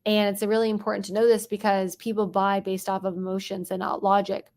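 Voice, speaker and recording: A young adult woman coaching on sales tonality, talking quickly and dropping into whispers or bright bursts to show different tones. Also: medium pitch, monotone. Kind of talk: teaching sales tonality to a live chat audience.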